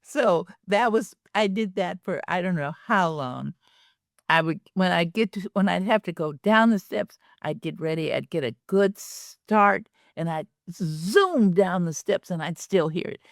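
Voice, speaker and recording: An older woman telling a personal story as a podcast guest, animated, often laughing and acting out the dialogue. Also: on the low side, a little slow, dry recording, studio quality.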